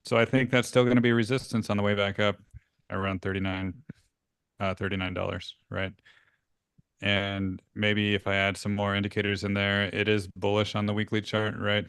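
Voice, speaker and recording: A man with a lowish, smooth and clear voice walks through a stock chart over a video call. He sounds laid-back and casual, tossing in "right?" as he goes. The sound is dry and close, with almost no room around it. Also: little pitch movement, moderate pace, fairly bright tone, no echo. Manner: laid-back, laughs easily, says "right?" often.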